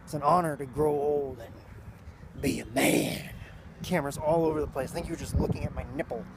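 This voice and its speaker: A nasal-voiced man in his thirties rambles earnestly to his camera in a casual vlog, with a few self-mocking jokes. He sounds short on sleep, and steady traffic noise runs behind him. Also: a little high, brisk, creaky. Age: 30s. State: sleep-deprived. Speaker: vlog host and father. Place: outdoors while walking between offices. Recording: noisy street and traffic sound.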